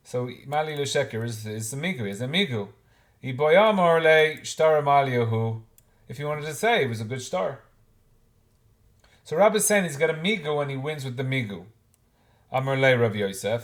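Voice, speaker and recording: A man explains Talmud in a relaxed class. His voice sits at a middle pitch, and he works through the material aloud, often restarting and mixing Hebrew and Aramaic terms into plain speech. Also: moderate pace. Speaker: Talmud teacher.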